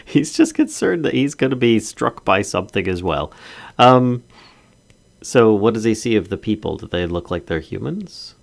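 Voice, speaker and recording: Lively gravelly man player. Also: fairly low pitch, normal speed. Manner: chatty and laughing, asking many questions. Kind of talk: casual tabletop role-play.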